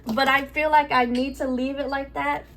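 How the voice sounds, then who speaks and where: A woman with a slightly high voice reads tarot cards for a spiritual love reading, channeling aloud as she goes. She rambles, circles back on phrases and gropes for words mid-sentence. A faint hiss sits under her voice. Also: level tone, moderate pace, fairly bright tone. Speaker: tarot card reader.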